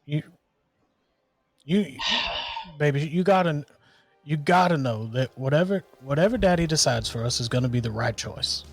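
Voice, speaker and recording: A man's voice: on the high side, expressive, normal speed, long pauses, faint music behind. A man voicing a weary, tearful mother who stammers and soothes her son. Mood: pleading softly. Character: weary middle-aged mother, tearful and shaky.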